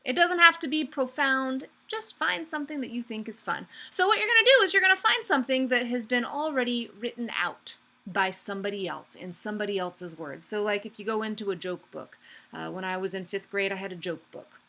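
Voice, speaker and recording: Upbeat young woman instructor, bright and slightly high, chatty. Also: expressive, fairly quick. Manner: upbeat, chatty, addresses students by name. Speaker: online course instructor. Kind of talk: live online class lecture.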